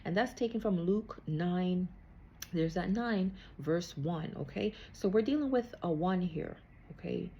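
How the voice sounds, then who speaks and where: A woman's voice: fairly low pitch, lively intonation, unhurried, muffled recording, slight background noise. A woman giving a casual spiritual card reading, chatty and checking in with "okay?" after nearly every thought. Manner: chatty, repeats "okay?" often. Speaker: psychic card reader.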